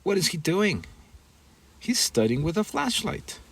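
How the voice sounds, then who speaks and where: A man's voice: high-pitched, big pitch swings, measured pace, gravelly, slight background noise. A man teaching English in a bilingual lesson, reading example dialogues and translating them into Spanish.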